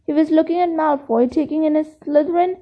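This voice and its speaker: A woman reading a storybook aloud, steady but with occasional slips and restarts. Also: sits high, a little fast, lo-fi sound. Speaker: reader. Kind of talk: audiobook reading.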